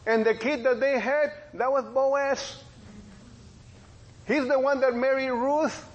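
High-voiced man preaching a folksy testimony. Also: takes it slowly, rough recording. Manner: folksy storytelling with lively quoted dialogue. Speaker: preacher and police officer. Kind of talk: testimony sermon.

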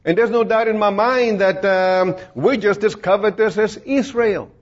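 In a dull lo-fi recording, a man with a high voice speaking at normal speed gives a folksy, plain-spoken sermon. It's informal and rambling, with many fillers and restarts.

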